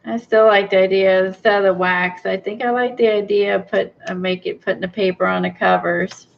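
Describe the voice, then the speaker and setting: A woman's voice: mid-range voice, steady tone, fairly quick, gravelly. A woman chatting and thinking aloud while she works on a craft project, gushing over small finds. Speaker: craft video host. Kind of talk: casual crafting chat. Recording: dull lo-fi sound.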